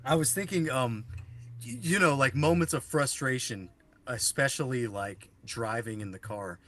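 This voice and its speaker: A chatty man with a bright, forceful voice at a middle pitch, co-hosting a casual podcast. He keeps asking the others questions and joking around. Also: normal speed. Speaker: podcast co-host. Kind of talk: casual chat.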